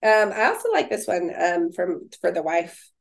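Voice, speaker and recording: A woman's voice: fairly low pitch, sing-song, moderate pace, vocal fry. A young woman co-hosting a casual faith-based podcast, reading scripture verses and then chatting about them with fillers. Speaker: podcast co-host.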